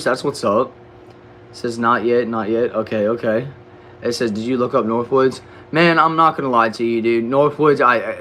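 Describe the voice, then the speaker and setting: A young Southern man from Texas chats loosely through his livestream comments, slangy and relaxed, tripping over words now and then. His voice sits at an ordinary middle pitch. A faint hum runs in the background. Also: poor audio. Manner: laid-back, slangy, stumbles and repeats words. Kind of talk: casual livestream chat reading comments. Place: back shed.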